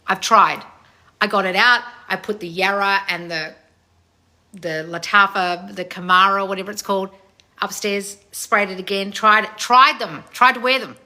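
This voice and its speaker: A woman in her thirties, a channel host reading viewer comments in a loud, blunt, casual way and swearing freely. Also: mid-range voice, steady tone, normal speed. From family of Croatian heritage. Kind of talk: casual live chat.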